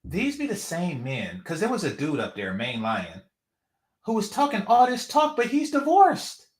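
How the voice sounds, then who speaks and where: A man's voice: a little high, huge pitch swings, moderate pace, echoey room. A man hosting a reaction commentary on a clip, talking in an incredulous, sarcastic and emphatic way. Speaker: commentary channel host.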